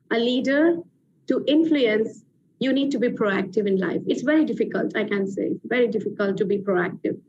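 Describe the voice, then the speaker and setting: A woman's voice: fairly high pitch, a little mellow, a little hiss or hum. A woman hosting a show, telling a motivational story with emphatic repeated phrases, in a muffled lo-fi recording. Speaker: TV show host.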